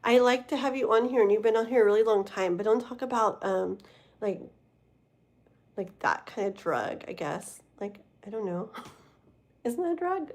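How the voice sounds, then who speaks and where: A woman's voice: medium pitch, a little mellow, breathy edge. Rambling, chatty woman tarot reader. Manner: rambling, filler-heavy, casual; chatty, addresses viewers directly. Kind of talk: live-stream tarot reading.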